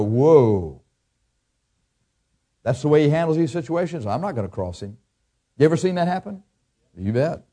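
A preacher man delivering a sermon with blunt, emphatic force, his voice sitting a little high for a man yet mellow and warm in tone. He acts out people's excuses in a whiny put-on voice. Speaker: pastor.

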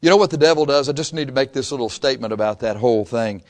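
A man delivers a folksy, animated sermon, running through scripture readings at a brisk clip and dropping into low asides between his loud points.

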